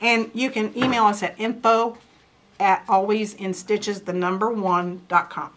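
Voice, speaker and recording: A woman's voice: mid-range voice, steady tone, a little slow, a bit bright, a little hiss or hum. Chatty lady cohost, teasing her partner, easy stitching-show banter. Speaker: co-host. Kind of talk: casual chat.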